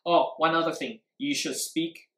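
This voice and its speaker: A teacher in a live-streamed English speaking lesson, explaining pronunciation emphatically and acting out example sentences to show stress and rising or falling pitch, with short switches into Mandarin. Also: steady tone, moderate pace, a bit bright. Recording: roomy echo.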